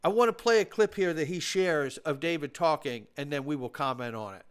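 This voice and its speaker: A man's voice: on the high side, fairly quick, clear, resonant tone. A man hosting his own commentary channel, talking straight to viewers in an emphatic, opinionated way. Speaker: host of a crypto commentary channel. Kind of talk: casual commentary.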